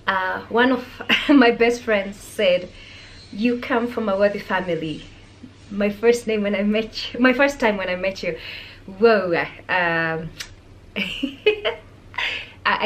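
Calm Kenyan woman vlogging. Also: medium pitch, a little hiss or hum. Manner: calm, soft-spoken, reads viewer comments aloud and replies. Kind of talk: casual vlog chat.

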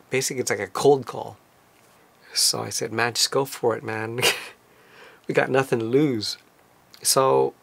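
A man casually recounting a trip as a vlogger, in a relaxed, conversational storytelling manner. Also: on the low side, gravelly. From lives in Tokyo. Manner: relaxed, conversational retelling with fillers.

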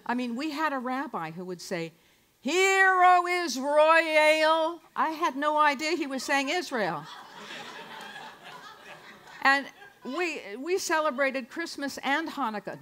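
A woman's voice: high voice, big pitch swings, measured pace, long pauses, bright, forceful tone. A woman in her sixties from San Francisco, performing a wry, self-mocking comic monologue on a live club stage into a stage microphone. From San Francisco, United States.

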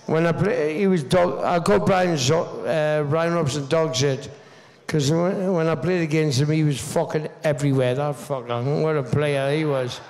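A man in his fifties with a Geordie accent tells rambling stories on stage, swearing freely and restarting often. His voice sits fairly high and has a gravelly edge. It carries a long hall reverb from a stage mic. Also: normal speed, a little mellow. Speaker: guest speaker. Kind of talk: stage anecdote telling.

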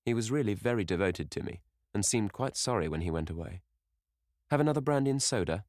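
A man voicing a vain, bored young gentleman who speaks in a languid, petulant way, lifting his voice above his own low register. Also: animated, a little fast, no echo, clean studio sound, lightly acted.

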